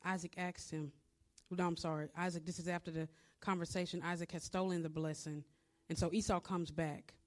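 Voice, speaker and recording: A woman's voice: lowish voice, flat delivery, fairly quick. A woman preacher giving a conversational, story-driven sermon, retelling a scripture story with asides.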